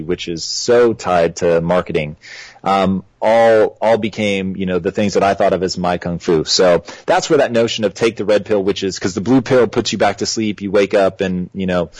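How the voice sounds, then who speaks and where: Low-voiced man talking reflectively. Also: no echo, rough recording. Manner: reflective, explains with examples. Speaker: guest. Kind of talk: casual interview talk.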